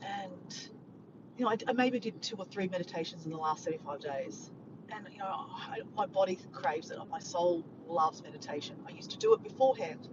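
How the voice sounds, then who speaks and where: A woman's voice: fairly low pitch, expressive, fairly quick. A woman, chatting casually to camera in a rambling, upbeat vlog. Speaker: vlogger. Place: in a car while driving. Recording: muffled with clear road noise.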